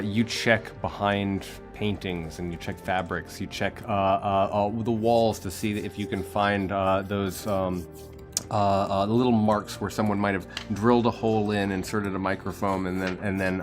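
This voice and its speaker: A young man narrating as game master, halting with many fillers and restarts. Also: on the low side, flat delivery, soft background music.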